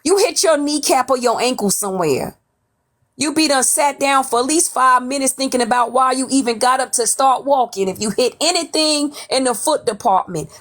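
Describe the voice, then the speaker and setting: A woman from New York with a high voice hosts a casual gossip livestream from home. She puts on a Southern drawl today and talks bluntly and sassily, cussing freely. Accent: put-on Southern drawl. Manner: blunt, sassy, cusses freely. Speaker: livestream host. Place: at home, off camera.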